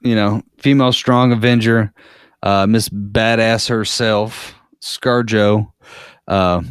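A man's voice: lowish voice, fairly even intonation, slow pace, clear, resonant tone, dry recording, clean studio sound. A man in a casual podcast chat, a profane, rambling storyteller.

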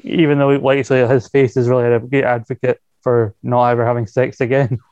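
A man's voice: medium pitch, level tone, a little fast, a little mellow. A Scottish man talks wrestling in a blunt, mocking way, swearing freely. His voice comes through a somewhat dull, lo-fi mic in a dry space without echo. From Scotland. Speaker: podcast co-host. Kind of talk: casual chat, wrestling recap.

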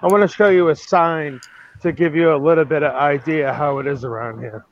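A man's voice: on the high side, fairly quick. A man with a Boston accent calling in from outside, talking bluntly and plainly about his area. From Massachusetts. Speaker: caller, field reporter. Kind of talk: casual phone-in report. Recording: dry, dull lo-fi call audio.

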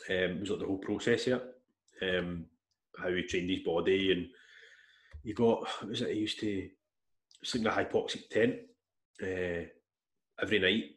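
A man telling a long story in casual chat, rambling and animated, with restarts and swearing. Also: low-pitched, moderate pace, pauses often. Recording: echoey room.

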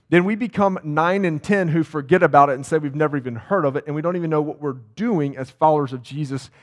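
A man preaching a sermon as campus pastor, talking casually and asking the congregation questions. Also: a little high. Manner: conversational, asks the congregation questions. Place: church sanctuary.

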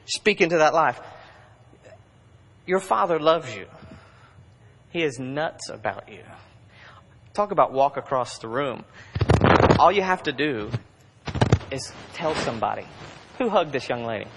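A man preaching to his congregation, his voice sitting a little high for a man and ringing with a long hall reverb. He talks in a conversational way, pushing hard in urgent bursts and then dropping to quiet asides. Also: lively intonation, a little slow, pauses often, very noisy. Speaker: pastor. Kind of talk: sermon.

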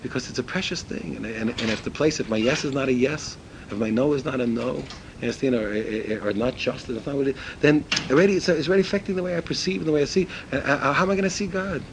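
A man's voice: mid-range voice, fast, background noise. An older man teaching Torah in an informal talk. He tells stories with lots of expression, acting out the dialogue, and often repeats and restarts his phrases. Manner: animated storytelling, acts out dialogue in a raised voice.

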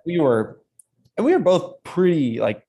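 A man in his twenties co-hosting a podcast, telling a story in casual chat, lively and often laughing. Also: a little high, a little slow, breathy edge. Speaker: podcast co-host.

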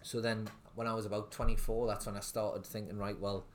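A man's voice: fairly low pitch, level tone, a little fast, slight background noise. A young man, a restaurant owner telling his story in a casual interview, rambling with lots of fillers and restarts. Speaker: restaurant owner, podcast guest.

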